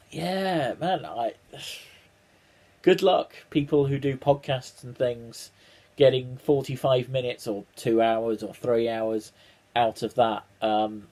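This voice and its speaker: A man talks to his viewers in a loose, casual vlog. His voice sits at an ordinary middle pitch. He rambles, trails off into ums and restarts, and drops in the odd dry swear word. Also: warm tone. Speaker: vlogger reacting to a trailer. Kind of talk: casual chat to camera.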